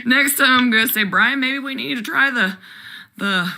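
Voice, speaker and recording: A woman's voice: on the high side, normal speed, pushed and bright, a little hiss or hum. A woman co-hosting a call-in podcast, chatting casually with callers in a candid, crude, laughing way. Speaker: podcast co-host.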